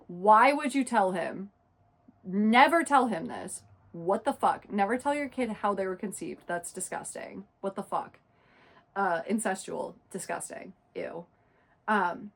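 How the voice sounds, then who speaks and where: A woman's voice: medium pitch, expressive. A woman giving a casual, exasperated book review rant. She leans hard on "like" and "literally". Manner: talks fast and loose, leaning hard on "like" and "literally"; exasperated and indignant.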